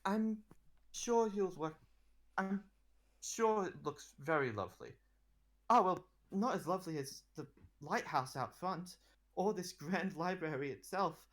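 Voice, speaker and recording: A man's voice: high voice, expressive, measured pace, fairly bright tone, voice pushed up. A man voicing a bored, haughty woman who rules a great library, speaking in an imperious, weary way. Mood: polite.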